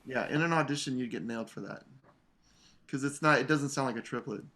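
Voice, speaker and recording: A man coaching an English horn player in a masterclass, relaxed, singing phrases to show the rhythm. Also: medium pitch, a little fast. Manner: relaxed, sings phrases to demonstrate. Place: online video masterclass.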